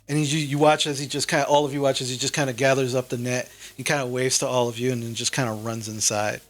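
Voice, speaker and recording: A man's voice: medium pitch, steady tone, fast talker, few pauses. A man narrating a tabletop game as game master in a loose way, with many fillers.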